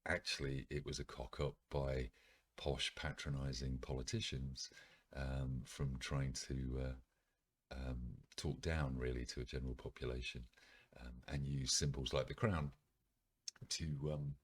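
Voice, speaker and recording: A man's voice: rumbling low, flat delivery, a little slow, breathy edge. A man from the United Kingdom reading articles aloud as a podcast host, with frequent ums and wry ironic asides.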